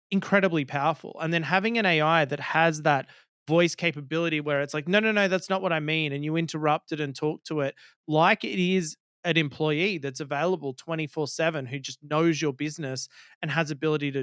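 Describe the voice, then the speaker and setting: A man with a fairly high, clean and crisp voice co-hosts a casual tech podcast. He talks with enthusiasm and acts out quick quotes as he argues. The close mic sounds dry, with no room echo. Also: fairly even intonation, a bit bright. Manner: enthusiastic, argues his point with acted-out quotes. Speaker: podcast co-host.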